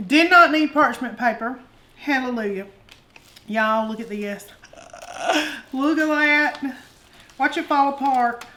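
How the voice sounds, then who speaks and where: Woman cooking host, folksy and chatty, slightly high voice, roomy echoey kitchen sound. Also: takes it slowly, long pauses, bright, forceful tone, slight background noise. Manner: chatty, folksy, addresses viewers as y'all. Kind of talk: casual taste-test chat.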